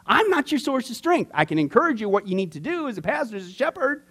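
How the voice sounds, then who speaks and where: Male pastor with a high voice, leading a small church class, chatty and animated, lots of asides. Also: quick pace, slightly rough. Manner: animated, talky, many asides and fillers. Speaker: pastor teaching a discipleship class. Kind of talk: conversational class teaching.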